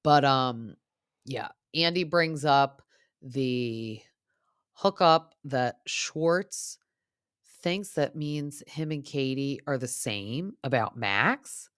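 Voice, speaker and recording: Low-voiced chatty woman recapping TV. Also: animated, very slow, a bit bright, clear, resonant tone, no echo, studio quality. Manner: chatty, opinionated, lots of "like" fillers. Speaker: podcast host. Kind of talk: casual reality TV recap chat.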